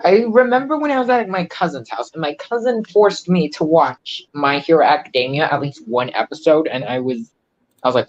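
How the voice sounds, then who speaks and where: A man's voice: a little high, brisk, highs cut off. A young man chatting casually, rambling with many fillers and frequent laughter. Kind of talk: casual chat.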